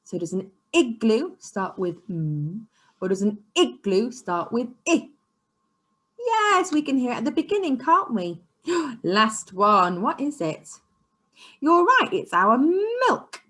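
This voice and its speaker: A woman leads a phonics lesson for small children in a slow, deliberate way. Her pitch swoops up and down as she coaxes and praises. Now and then she drops into a soft whisper. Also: very animated. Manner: sing-song, encouraging, dips into soft whispers. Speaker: early years teacher. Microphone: camera she sets up herself.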